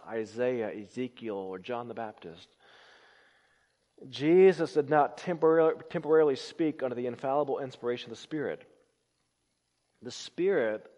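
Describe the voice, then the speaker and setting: A man preaching a sermon, swinging between loud emphatic lines and hushed, low phrases. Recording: long reverb of a large hall.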